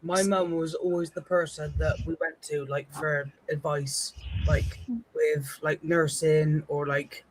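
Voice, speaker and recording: A woman's voice: low voice, level tone, takes it slowly, a little hiss or hum, rough recording. A middle-aged woman joining a casual live-stream chat, chatty and agreeable.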